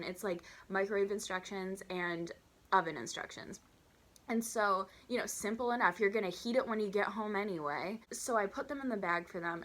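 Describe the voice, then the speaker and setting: A woman in her twenties, a vlogger, tells a storytime vlog in a chatty, animated way with a medium-pitched voice. She acts out the customers as well as her own waitress voice.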